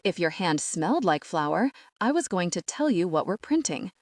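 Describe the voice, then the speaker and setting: A woman's voice: on the low side, very animated, moderate pace, no room sound, clean studio sound. A woman voicing a cocky young male thief in an audiobook, with playful, teasing banter.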